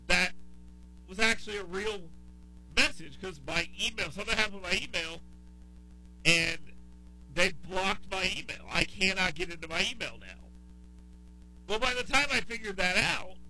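A man's voice: sits high, pushed and bright, poor audio. A man from the American South hosting a radio talk show, ranting in casual chat and repeating himself when exasperated.

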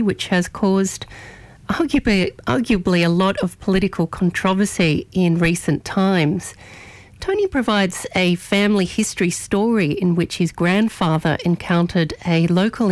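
A woman hosting morning radio, delivering an opinionated editorial in a measured, argumentative way and stressing key words. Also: fairly low pitch, no echo. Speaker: radio host.

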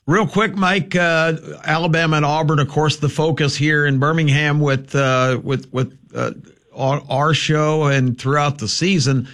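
A man's voice: on the high side, steady tone, fairly bright tone. A man hosting a sports radio show, talking casually and chatting with his guest. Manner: chatty, with quick interjections.

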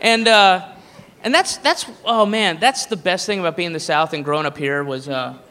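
A man's voice: high-pitched, moderate pace, bright, forceful tone. A man doing a stand-up comedy routine, rambling and profane, with laughing asides. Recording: live room with long reverb.

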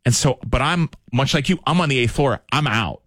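A man hosting a casual radio chat and telling stories with animated energy. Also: mid-range voice, no room sound. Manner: animated, quick storyteller. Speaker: radio host.

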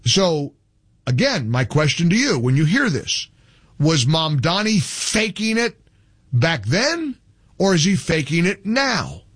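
Fired-up radio host guy, lively swoopy delivery, dry studio sound. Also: on the high side, slow, slightly rough, dry recording. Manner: emphatic, repetitive, scornful. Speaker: radio talk show host. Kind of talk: opinionated talk radio monologue.

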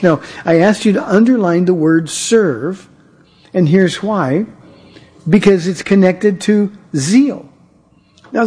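A man's voice: sits high, dark tone, slightly rough. A male pastor preaching an earnest sermon, often repeating and restarting his words.

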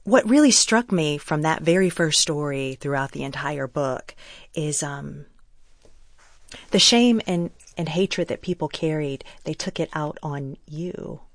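A mid-pitched interview host asks questions in a measured, reflective way. The voice sounds close and dry. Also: lively intonation, dry recording.

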